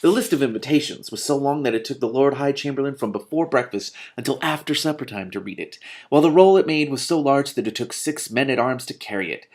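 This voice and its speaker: A man's voice: mid-range voice, quick pace, hardly any pauses, darkish tone. A man reading a storybook aloud, with enthusiastic asides in between. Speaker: reader and commentator. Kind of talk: read-aloud book narration with commentary.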